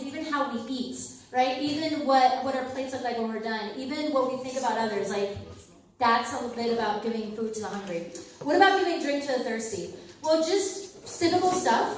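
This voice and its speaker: A young adult woman giving a lively storytelling talk, acting out the people in her stories and laughing often. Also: high-pitched, slight background noise. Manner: animated, acts out quoted people, laughs often. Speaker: speaker at a campus ministry talk. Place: hall at a university ministry center. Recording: very echoey hall, mic far off.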